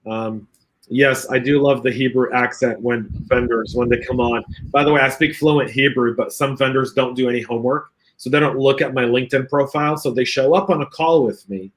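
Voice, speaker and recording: Guy hosting a livestream chat, reads comments out, jokey and casual, video call sound. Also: medium pitch. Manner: chatty, reads viewer comments aloud, jokey. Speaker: podcast host reading live chat.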